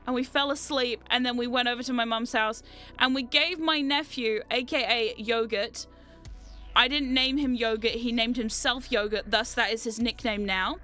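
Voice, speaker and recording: A woman vlogger chatting casually, telling animated stories, often laughing and swearing freely. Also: high voice. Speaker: VTuber vlogger. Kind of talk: casual storytelling chat.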